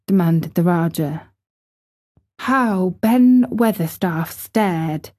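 A woman reading a classic novel aloud as an audiobook narrator, with measured, expressive storytelling. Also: on the low side.

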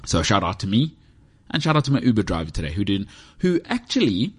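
Fairly low-pitched and husky, this man's voice is very animated and brisk, with hardly any pauses. He's a podcast host doing a casual solo monologue indoors in a heated room, rambling along in a joking, self-mocking way.

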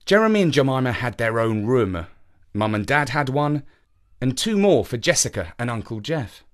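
A man presenting and reading a children's story aloud, animated and acting out the characters. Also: mid-range voice, moderate pace.

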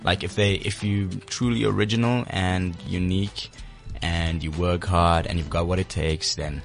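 A man with a fairly low voice and a South African accent chats as a guest on a radio show. He is playful and laughs a lot. A soft music bed runs faintly under his voice in the studio. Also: steady tone, gravelly. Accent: South African English. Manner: laughs often, playful, breaks into a quick rap. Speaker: guest, TV presenter. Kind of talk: casual radio chat.

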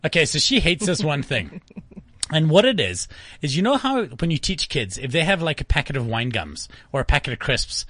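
A man's voice: fairly high pitch, moderate pace, breathy edge, dry recording. Man ranting on radio. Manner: animated, laughs while ranting. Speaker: guest commentator. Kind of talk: casual radio rant.

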